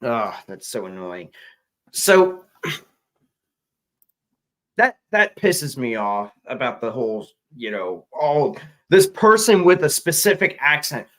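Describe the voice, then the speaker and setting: A man's voice: mid-range voice, big pitch swings, slow pace, pauses often, fairly bright tone, rough recording. A man co-hosting a casual commentary show, ranting in an exasperated, profane way with many restarts. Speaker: podcast co-host.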